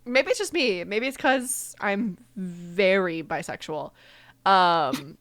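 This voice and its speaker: A woman in her twenties co-hosting a podcast, chatty and animated, saying "like" a lot. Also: medium pitch, slow pace. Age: 20s. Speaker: podcast co-host. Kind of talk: casual chat.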